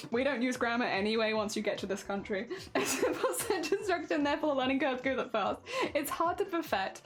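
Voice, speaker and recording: Young woman streamer, high voice, giggly and chatty, light music under her. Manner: chatty, giggly, reads and answers chat. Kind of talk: casual live-stream chat.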